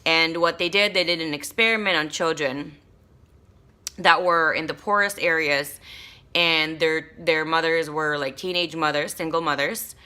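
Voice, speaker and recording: Chatty young mom, bright voice. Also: female voice, low-pitched, measured pace. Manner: chatty, rambling with many ums and likes. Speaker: vlogger. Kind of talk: casual haul vlog.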